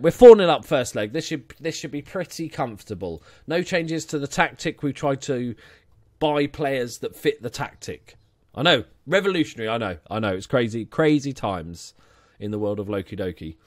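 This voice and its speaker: A man's voice: medium pitch, no room sound, studio quality. A young man commenting casually on his football management game, chatty and jokey, inventing nicknames for his players. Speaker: gaming channel host. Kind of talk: casual let's-play commentary.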